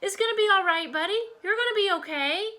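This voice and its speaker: A woman voicing a brave, excited young boy in first grade, calling out loudly in a high voice. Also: fast. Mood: urging. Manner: high, loud shouting.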